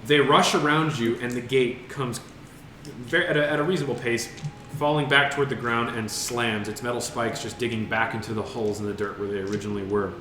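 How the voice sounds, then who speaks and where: A man's voice: mid-range voice, fairly even intonation, a bit bright, slight background noise. Echoey game master man narrating. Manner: descriptive, halting with fillers. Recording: roomy echo with music behind.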